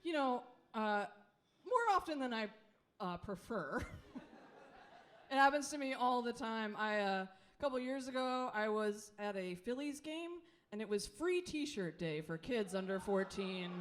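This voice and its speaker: A woman's voice: a little high, animated, measured pace. Chatty self-deprecating woman comic, late thirties. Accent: Philadelphia. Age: late 30s. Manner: self-deprecating, chatty, laughs through lines. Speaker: stand-up comedian. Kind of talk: live stand-up set. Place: comedy club stage.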